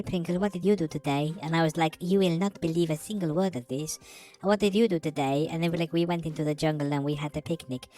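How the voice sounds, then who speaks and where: A woman's voice: fairly low pitch, darkish tone, close to an everyday voice. A woman voicing a small, earnest, fussy ship cleaner in a tabletop role-play, rambling and chatty with formal phrasing.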